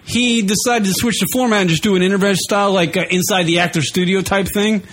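Male radio host, slightly high voice, jokey question-asker, faint background hiss. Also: fairly even intonation, fast talker, fairly bright tone. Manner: asks the panel questions, joking. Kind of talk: casual studio banter.

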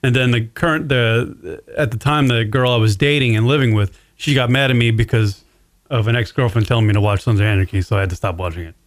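A man's voice: medium pitch, fast. A man hosting a call-in radio show, ranting casually and swearing constantly as he rambles. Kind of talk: casual profane radio chat.

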